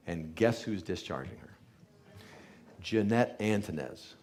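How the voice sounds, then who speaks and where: With a low and slightly mellow voice, this chiropractor delivers an earnest healing story about a patient before an audience, performing the quotes himself.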